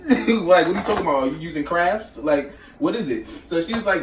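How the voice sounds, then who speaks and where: A man's voice: high voice, lively intonation, fast talker, hardly any pauses, recorded from a distance. A man hosting a casual cooking vlog in a small home kitchen, chatty and slangy, cutting between the recipe and side stories. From New York. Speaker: cooking show host. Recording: echoey room, away from the mic, faint noise.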